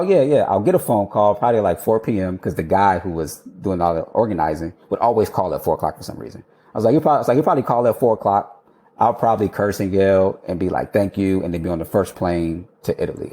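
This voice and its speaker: Low-voiced man telling a candid story. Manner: animated, candid, swears casually, quotes himself. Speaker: interview guest, architect. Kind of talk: casual storytelling conversation.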